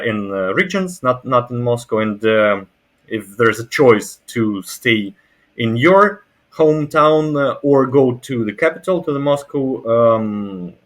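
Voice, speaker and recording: Russian guy practicing english on a video call, lots of uhs and restarts. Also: medium pitch. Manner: hesitant, many fillers and restarts. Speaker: language exchange partner. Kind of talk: casual conversation.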